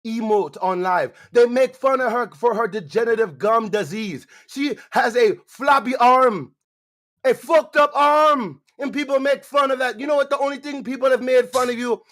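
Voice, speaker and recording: A man's voice: very high voice, a bit bright. A man putting on an exaggerated Jamaican accent to lecture and tease a co-host. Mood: scolding. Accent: put-on Jamaican. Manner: lecturing, teasing, drawn-out phrases. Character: mock Jamaican-accented male trash-talker.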